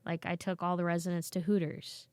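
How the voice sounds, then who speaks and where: A woman comedian in her thirties talks casually on a podcast, telling animated stories. Her voice sits a little low. The sound is dry and close, with no room echo. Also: brisk. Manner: animated storyteller, acts out quoted voices. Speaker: comedian guest.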